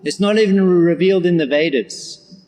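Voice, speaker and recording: Man lecturing in a reverberant hall. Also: sits high. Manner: repeats verse lines slowly, then explains them in English; animated, with occasional laughter. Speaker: scripture lecturer. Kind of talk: scripture class explaining Bengali verses. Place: large temple hall.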